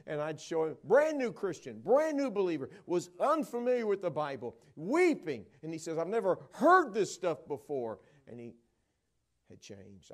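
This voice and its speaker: A middle-aged man preaching a sermon in a church, telling stories and swinging from hushed to loud, excited delivery. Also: mid-range voice. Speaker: traveling evangelist preacher. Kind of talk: sermon with storytelling. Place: church sanctuary at a conference. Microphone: wearing a microphone.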